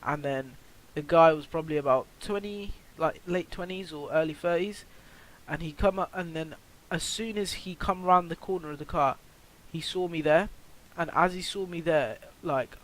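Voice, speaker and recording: A man's voice: a little high, normal speed, fairly bright tone, poor audio. A teenage boy tells a storytime vlog in a rambling way, full of fillers and swearing. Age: teens. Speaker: vlogger.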